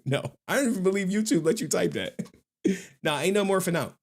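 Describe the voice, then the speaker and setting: A man's voice: sits high, lively intonation, brisk, gravelly. A man hosting a live stream in casual commentary, slangy and laughing, with repeated asides.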